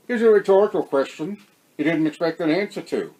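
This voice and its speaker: A man's voice: fairly high pitch, fast, dark tone, low-quality recording. Australian man reading his novel aloud. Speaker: narrator.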